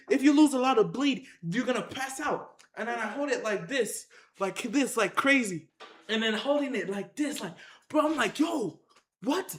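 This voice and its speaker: A vlogger excitedly telling a story straight to viewers, full of slang and shouted sound effects like "boom". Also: echoey room. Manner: slangy, addresses the audience directly.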